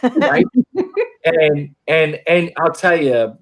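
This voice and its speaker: A man's voice: a little high, very animated, drawn-out words. A middle-aged man from Oklahoma telling stories in casual chat, rambling and restarting his sentences. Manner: rambling storyteller, many restarts.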